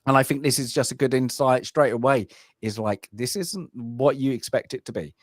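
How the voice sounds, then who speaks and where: A man's voice: medium pitch, normal speed, no echo, studio quality. A man from Britain co-hosting a podcast, chatting casually about a film, rambling with many fillers and restarts. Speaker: podcast co-host. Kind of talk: casual film review chat.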